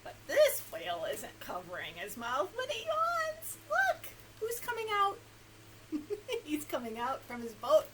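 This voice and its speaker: A woman's voice: extremely high pitch, a little slow, a little hiss or hum, low-quality recording. A woman librarian reading a picture book aloud to young children, asking them questions and laughing often. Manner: animated, coaxing questions to young listeners.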